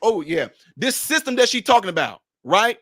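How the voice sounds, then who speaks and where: A man's voice: sits high, sing-song, moderate pace, fairly bright tone, no echo, clean studio sound. A man delivering a confrontational commentary rant, scolding and sarcastic, hammering rhetorical questions. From Chicago area.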